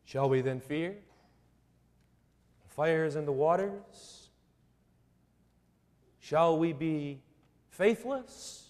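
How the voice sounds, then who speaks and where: A man preaching a sermon, slow and emphatic, with repeated rhetorical questions. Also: on the high side, a little mellow, long reverb tail.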